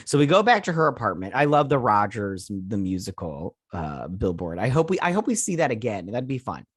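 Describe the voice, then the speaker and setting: A man's voice: lowish voice, very animated, fairly quick, breathy edge, no echo, studio quality. Rambling man recapping a show episode. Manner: rambling, many fillers, retells scenes in quoted voices. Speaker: host.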